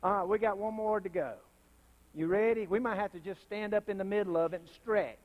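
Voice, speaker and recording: In the sanctuary, a pastor delivers a sermon full of fire, calling on the congregation for responses and a witness. His high voice keeps jumping into loud, impassioned bursts, though his intonation is fairly even and his pace brisk. The recording is muffled.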